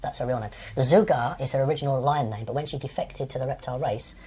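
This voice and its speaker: Hesitant older man with a husky voice. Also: medium pitch, fast talker, darkish tone. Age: 60s. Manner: hesitant, with many ums and restarts. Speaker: interview guest. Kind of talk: unscripted recounting of personal experiences.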